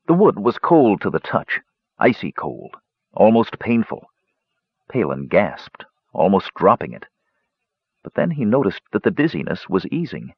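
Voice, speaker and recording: Low, husky male storybook narrator with lively delivery, dry lo-fi sound. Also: unhurried, dry recording. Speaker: audiobook narrator. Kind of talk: scripted narration.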